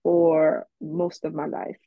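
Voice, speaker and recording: A woman's voice: sits low, little pitch movement, slow, no echo, phone-quality sound. A woman guest in an interview, telling a personal story in a reflective way, with many fillers, and quoting herself and others.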